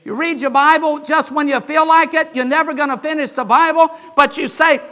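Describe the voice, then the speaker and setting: A man preaching a sermon as pastor, older, with impassioned delivery that rises to shouts on key words. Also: very high voice, fairly even intonation, fairly quick, few pauses.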